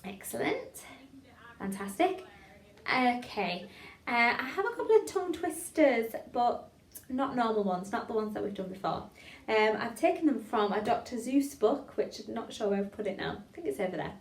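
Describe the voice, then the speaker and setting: A woman leading an online voice warm-up lesson, encouraging her students and modeling each phrase slowly and clearly. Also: a little high, expressive, roomy sound. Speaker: voice and drama teacher.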